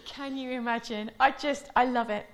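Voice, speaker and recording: A woman's voice: a little high, steady tone, moderate pace. A woman preaching a sermon, telling stories in a chatty way before leading a prayer. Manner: chatty storytelling, laughing often.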